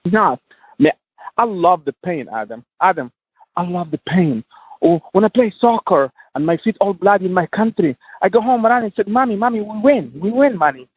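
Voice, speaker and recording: Interview guest: man from Tunisia, husky and fairly high voice, impassioned and repetitive, dry, dull sound. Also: lively intonation, moderate pace, no echo. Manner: impassioned, repetitive, non-native English. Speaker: guest entrepreneur. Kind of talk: passionate interview talk.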